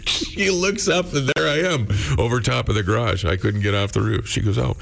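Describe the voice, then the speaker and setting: A man's voice: medium pitch, a little fast, creaky, noisy background. A middle-aged man hosting a morning radio show, telling a long rambling anecdote with fillers and restarts. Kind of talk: casual radio storytelling.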